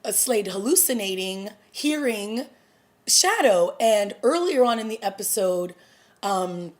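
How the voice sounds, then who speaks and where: A woman talks to her viewers in a casual review vlog, pitched in an ordinary middle range. She gushes with a breathless edge and trips over restarts. She retells each scene in animated detail. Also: measured pace. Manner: gushing and breathless, stumbling restarts. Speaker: TV episode reviewer.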